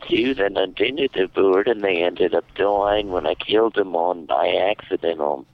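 A man co-hosting a comedy show, asking absurd questions in a deadpan way. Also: low-pitched, moderate pace, dry recording. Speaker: co-host. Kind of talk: casual comedy chat. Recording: dull dry lo-fi audio.

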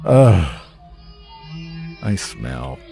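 A man's voice: a bass voice, very animated, extremely slow, gravelly, dark tone, soft background music. A man from New Jersey hosting a casual ranting monologue, grumpy, sarcastic and full of swearing. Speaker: host.

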